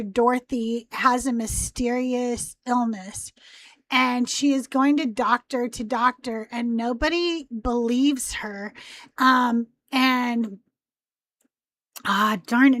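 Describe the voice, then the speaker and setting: A woman's voice: high voice, fairly bright tone, no room sound. A woman hosting a live call-in show, chatting casually in a rambling way with a youthful, teen-like voice. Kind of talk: casual live-stream chat.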